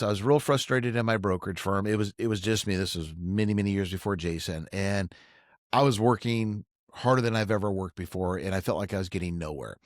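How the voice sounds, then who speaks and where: Animated middle-aged male storyteller, dry sound. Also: lowish voice, no room sound. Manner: animated, acts out quoted dialogue. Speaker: financial advisor, podcast guest. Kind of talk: casual conversational storytelling.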